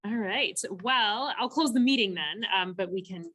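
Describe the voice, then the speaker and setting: A woman with a bright, clear voice closes a club meeting. She thanks the speaker and gives announcements politely, with a few hesitant ums along the way. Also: mid-range voice, animated, normal speed, poor audio. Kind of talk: closing announcements.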